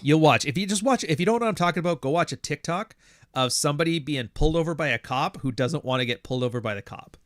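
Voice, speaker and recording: Hosting a laid-back livestream, this man has a slightly high voice, lively intonation and a quick pace, with no echo on the sound. He reads super chats aloud and responds in a blunt, profane, rambling style, imitating other people's voices.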